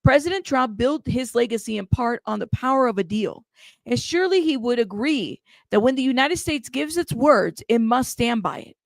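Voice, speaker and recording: A chatty woman hosts a casual news commentary livestream, playfully reading out viewer comments and laughing. Her voice sits a little high with a gravelly edge, expressive and at a moderate pace. The recording is close and dry, with no room sound.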